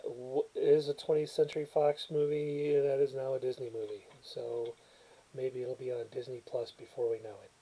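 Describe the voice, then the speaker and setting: With his new microphone not yet set up, a movie reviewer records at home through a built-in webcam or laptop mic, and the quality is poor. His mid-range voice is husky and dark. He rambles casually, makes fun of himself, and stumbles through repeated restarts while reading a movie's back-cover blurb.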